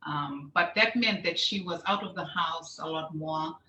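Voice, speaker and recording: Bright-voiced Fijian woman telling her story. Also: deep voice, a little slow. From Fiji. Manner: lively, animated storytelling with laughs. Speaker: interview guest, show host. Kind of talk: casual interview storytelling. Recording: echoey room, faint background noise.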